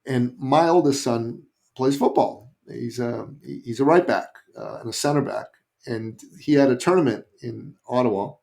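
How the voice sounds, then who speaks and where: A Canadian man, a business coach, telling an anecdote in a podcast interview with lively emphasis. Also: mid-range voice, normal speed, creaky. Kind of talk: storytelling in an interview.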